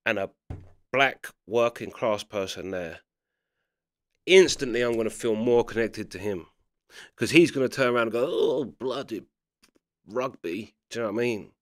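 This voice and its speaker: Reacting to clips, this chatty Englishman keeps checking that you follow him with "do you know what I mean." His fairly low voice is recorded in a clean studio with no room sound.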